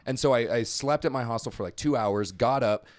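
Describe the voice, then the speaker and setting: A man's voice: medium pitch, dry recording, clean studio sound. A young American man, a comedian, telling a rambling story on a podcast and swearing freely. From United States. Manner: fast, rambling storyteller who swears a lot and acts out quotes. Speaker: comedian guest. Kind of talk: casual podcast chat, storytelling.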